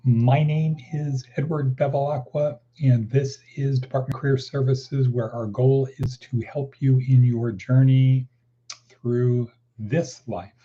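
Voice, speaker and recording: A man's voice: medium pitch, level tone, unhurried, hardly any pauses, dark tone, lo-fi sound, a little hiss or hum. A man hosting his daily morning podcast in a rambling, casual way, repeating phrases for emphasis. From Nevada. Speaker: podcast host.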